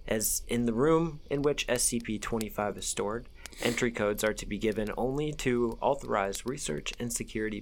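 A man hosting a casual podcast in a mid-pitched voice. He chats in an easygoing way and reads entries out plainly between the banter. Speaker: podcast host.

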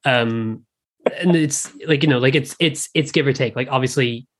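A man's voice: medium pitch, moderate pace, fairly bright tone. A man from Ireland with an Irish accent, talking casually about films in a rambling way, often restarting his sentences. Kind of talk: casual film discussion.

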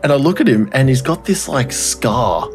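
A man's voice: medium pitch, expressive, moderate pace, over music. A man, co-hosting a podcast and telling a long rambling story in casual chat, swearing often and acting out what people said. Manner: rambling storyteller, swears a lot, acts out quotes. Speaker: podcast co-host.

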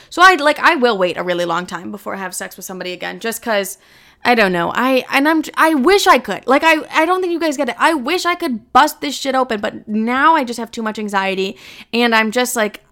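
A woman hosts her own podcast in a bright, clear voice, speaking frankly and with plenty of swearing. She jumps between casual chatter and acting out her own side of conversations. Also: medium pitch. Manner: candid, profane, animated, acts out her own quoted lines. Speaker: podcast host.

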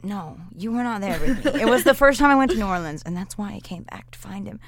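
A woman's voice: mid-range voice, fast talker. A young woman co-hosting a podcast, telling a story in a casual, giggly way and acting out the other people in it. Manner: animated, giggly, acts out quotes in voices. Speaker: podcast co-host.

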